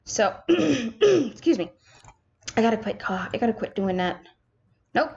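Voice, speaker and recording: A young woman's fairly high voice rambles through casual let's-play commentary, poking fun at herself as she plays. The sound is a little dull and lo-fi, like a home desk mic. Keyboard and mouse clicks tick along behind her. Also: very animated, unhurried, darkish tone. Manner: chatty, self-mocking, talks to herself while playing. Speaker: gaming streamer. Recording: slightly dull lo-fi home recording.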